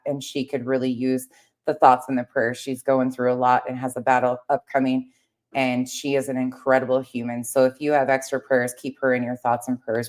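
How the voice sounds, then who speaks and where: A woman's voice: rumbling low, darkish tone. A woman hosting a casual late-night livestream, talking straight to her viewers, swearing often and getting heated. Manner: paces around while talking. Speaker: livestream host reading chat.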